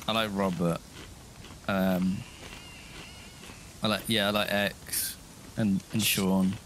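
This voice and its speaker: A man's voice: deep voice, level tone, slow, fairly bright tone, slight background noise. A man co-hosting a live game stream who greets viewers in short, easygoing remarks. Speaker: streamer co-host. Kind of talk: casual live-stream chat.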